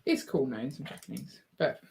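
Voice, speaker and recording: A woman's voice: rumbling low, brisk, vocal fry, a little mellow. A woman chatting casually and teasing while she builds, laughing often. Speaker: co-host of a live building stream. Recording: faint background noise and clicks.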